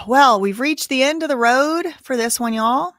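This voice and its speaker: A woman hosting a casual livestream, thanking viewers and talking in a halting, emotional way full of "like". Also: high voice, a bit bright, no room sound, studio quality. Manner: chatty, halting, heavy use of "like", openly emotional. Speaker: livestream host reading viewer donations.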